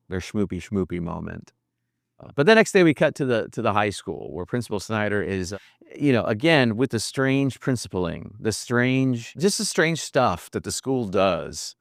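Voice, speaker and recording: A man's voice: on the low side, animated, normal speed, vocal fry, dry recording, studio quality. A man co-hosting a podcast, recapping a TV episode in wry, chatty talk. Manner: chatty, wry, repeats words when restarting. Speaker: podcast co-host. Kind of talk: casual TV episode discussion.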